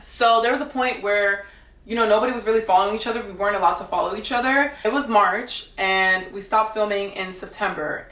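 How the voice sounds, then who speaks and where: A woman's voice: medium pitch, fairly bright tone. A young woman, a reality dating show contestant, telling her side in a blunt, gossipy way, full of "like". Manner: blunt, gossipy, heavy use of "like". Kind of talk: casual storytelling to camera. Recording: echoey room, mic at a distance.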